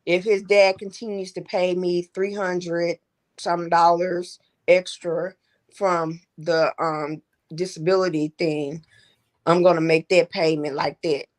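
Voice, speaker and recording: A woman's voice: on the low side, flat delivery, slow pace. A middle-aged woman co-hosting a podcast, telling a story in casual chat and acting out the people she quotes. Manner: storytelling, acts out quoted voices. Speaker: podcast co-host.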